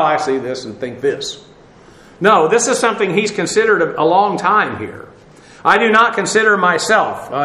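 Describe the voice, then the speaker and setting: A man teaching a verse-by-verse Bible study, spelling out Greek words letter by letter with many pauses. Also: a little high, sharp tone. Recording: echoey room.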